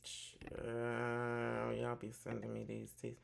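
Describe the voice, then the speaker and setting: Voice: medium pitch, monotone, slow pace, gravelly, slight background noise. A host giving casual commentary in a sassy way, peppering the talk with "child" and "honey".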